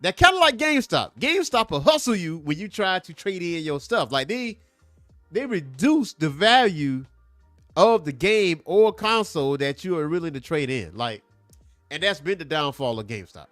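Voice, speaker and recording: Animated man reviewing comics, lively pitch. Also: normal speed, no echo, faint music behind. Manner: animated, emphatic, repeats points for effect. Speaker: comic book show host. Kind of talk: casual comic book review.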